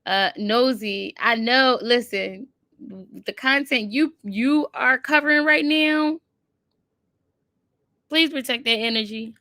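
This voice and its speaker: Bright-voiced woman hosting a livestream. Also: fairly high pitch, slow, dry recording. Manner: chatty, warm-hearted affirmations, frequent laughs. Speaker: livestream host. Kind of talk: casual livestream chat. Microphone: computer mic.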